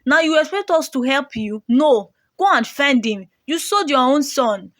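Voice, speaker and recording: A woman's voice: high-pitched, animated, measured pace, fairly bright tone, no echo, clean studio sound. A woman doing a scolding neighbor woman. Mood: scornful. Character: scornful female neighbor, stern.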